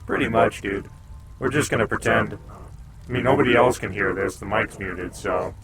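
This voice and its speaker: A man's voice: fairly low pitch, fairly even intonation, moderate pace, a bit bright. A man live-streaming at home in a laid-back, casual way, chatting to his viewers and telling his dogs to stop barking.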